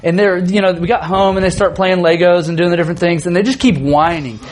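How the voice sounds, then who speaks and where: A man in his thirties, a youth pastor telling a funny family story in a sermon, animated and often laughing. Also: high-pitched, fast.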